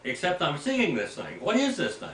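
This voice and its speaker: An older man, a pastor, preaching a sermon as an animated, folksy story with sudden loud bursts. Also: fairly high pitch, moderate pace. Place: mission field, preaching to a group. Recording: roomy, distant mic with faint ambient noise.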